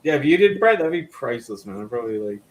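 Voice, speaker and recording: A man's voice: mid-range voice, sing-song, quick pace, low-quality recording. Rambling man hosting a livestream. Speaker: livestream host. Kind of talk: casual group chat.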